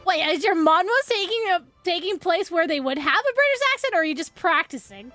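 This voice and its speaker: A woman's voice: extremely high pitch, lively intonation, fast, sharp tone, soft background music. A woman streaming, chatting casually and playfully with viewers, giggling often. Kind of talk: casual live-stream chat.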